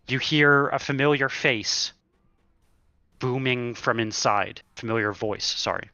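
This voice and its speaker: A man narrating a tabletop horror campaign as game master, slow and dramatic with pauses. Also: mid-range voice, pushed and bright, smooth, no room sound, lo-fi sound.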